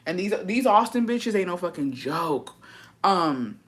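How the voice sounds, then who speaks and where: In a casual chat to camera, a woman vlogger speaks at a measured pace with a fairly low, very animated voice. Her talk is profane and dramatic, with Spanish phrases scattered through her English.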